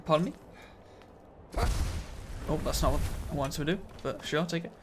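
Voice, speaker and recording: A man's voice: fairly high pitch, moderate pace, noisy background. A man streaming a video game live, chatting casually with his viewers in a laid-back, slightly mumbly way and chuckling often.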